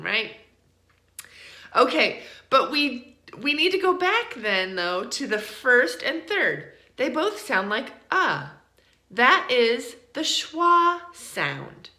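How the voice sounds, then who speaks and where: American woman, pronunciation teacher; bright, clear-cut tone, roomy echo, deliberate pacing for demos. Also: on the high side. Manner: slow, deliberate, drawing out example words. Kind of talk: online pronunciation lesson.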